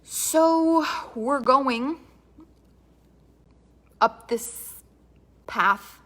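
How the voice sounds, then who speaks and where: A woman's voice: sits high, extremely slow, a bit bright. A woman from Canada telling a comic personal story with dramatic asides and quoted dialogue.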